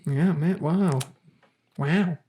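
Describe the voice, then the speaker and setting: A man's voice: a little high, very slow, warm tone, a little hiss or hum. A man hosting a casual podcast quiz, reading idiom origins aloud with stumbles and laughs. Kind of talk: casual group podcast chat.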